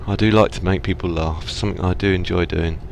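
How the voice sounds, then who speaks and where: A man's voice: sits low, steady tone, fast talker, vocal fry. A man with an English accent giving casual, self-mocking commentary while playing a truck driving game and talking back to the traffic. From England. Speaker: let's play gamer. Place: home, at a driving-sim rig.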